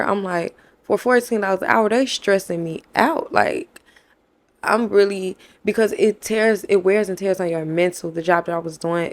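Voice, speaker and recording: A young woman, candidly telling a personal story to her viewers, calling them y'all and acting out what people said to her. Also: lowish voice. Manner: conversational, addresses viewers as y'all, acts out quoted dialogue. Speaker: faith vlogger.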